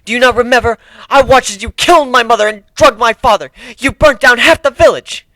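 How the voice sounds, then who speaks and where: A man's voice: very high-pitched, fairly quick, bright, forceful tone, dry recording, pitched above the performer's own voice, low-quality recording. A man voicing a fierce young cat-woman tribal warrior who speaks in a proud, accusing, formal way. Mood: furious.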